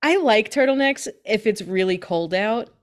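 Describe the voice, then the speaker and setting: A woman's voice: mid-range voice, animated, normal speed. A young woman co-hosting a book podcast in casual chat, giggling and trailing off as she thinks. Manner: giggly, hesitant, laughs between words.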